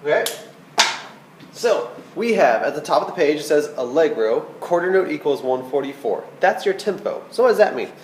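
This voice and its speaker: A man's voice: a little high, sing-song, moderate pace, echoey room, background noise. A man teaching a recorded flute lesson, patient and checking in with "okay?" as he explains. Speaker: band teacher.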